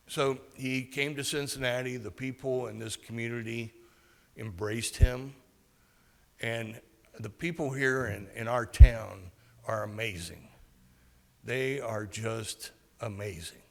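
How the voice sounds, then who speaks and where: A man giving a speech to a club meeting, telling a personal story in a halting way with many fillers and restarts. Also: medium pitch, gravelly, a bit bright, in a large hall. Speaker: guest speaker at a club meeting. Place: meeting hall.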